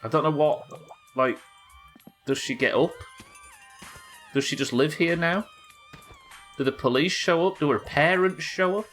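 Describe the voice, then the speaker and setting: A man's voice: fairly high pitch, unhurried, long pauses, fairly bright tone, faint music behind. A man streaming a game live, chatting to viewers and thinking aloud as he plays. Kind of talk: live gameplay commentary.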